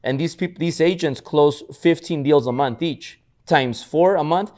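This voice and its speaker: His voice is a little high and unhurried as this podcast co-host tells stories in a laid-back, motivational conversation. He animatedly voices other people's lines and often restarts his words.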